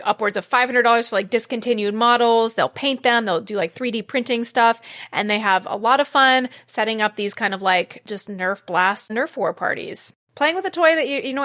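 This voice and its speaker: A woman co-hosting a casual podcast, walking through researched facts in an easy, chatty way. Her voice sits a little high, and she laughs readily as she talks. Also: a bit bright. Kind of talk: casual chat.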